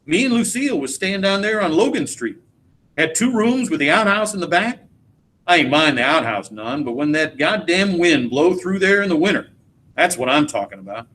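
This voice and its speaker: A teacher reading aloud as a relaxed middle-aged male friend with a slow, drawling manner. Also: on the high side, recorded from a distance. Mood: easygoing. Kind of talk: dramatic read-aloud of a play.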